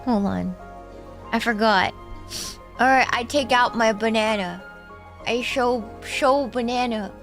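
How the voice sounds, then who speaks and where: A woman's voice: on the high side, slow pace, pauses often, fairly bright tone, soft background music. A woman from Texas who streams, chatting casually with viewers, thanking donors and breaking into song.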